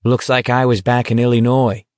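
A man's voice: mid-range voice, little pitch movement, moderate pace, darkish tone, no echo, lightly acted. A man reading aloud, voicing a big insolent young tough who talks in a crude, sneering, profane way.

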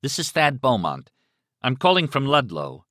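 A strained, urgent man on the phone, his voice pitched higher and pushing hard, as an audiobook reader puts him on. He sounds rattled and pleading. The read is clear and dry, close to the mic. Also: wildly swooping pitch, moderate pace, fairly bright tone, no room sound. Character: tense panicked male novelist on phone. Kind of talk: audiobook character voice.

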